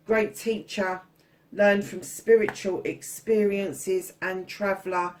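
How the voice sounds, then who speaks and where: A woman's voice: mid-range voice, steady tone, takes it slowly, darkish tone. A woman doing a casual tarot reading, chatty and blunt, swearing freely and calling her listeners darlings. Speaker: tarot reader.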